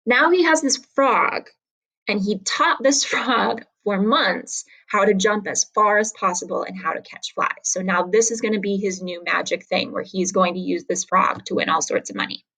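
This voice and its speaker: A woman's voice: mid-range voice, normal speed, gravelly, a bit bright, low-quality recording. A woman summarizing a story in a casual, conversational way and then reading it aloud. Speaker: reader.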